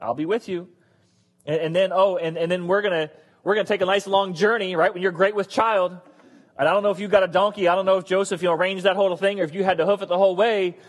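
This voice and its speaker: A man's voice: sits high, steady tone, fast, big-room sound. A man preaching a sermon in a conversational, joking way. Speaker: pastor.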